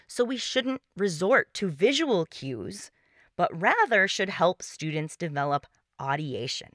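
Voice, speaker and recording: A woman with a bright, forceful tone and a slightly low voice hosts a solo podcast. She explains her points in a clear, measured way into a close mic with a dry sound. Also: big pitch swings, no room sound. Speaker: podcast host. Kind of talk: solo podcast talk on music teaching.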